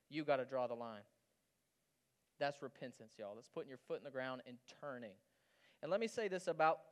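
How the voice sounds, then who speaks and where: Pastor guy preaching, chatty and animated, kinda high smooth voice. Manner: conversational, animated preaching with frequent "does that make sense?". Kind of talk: sermon.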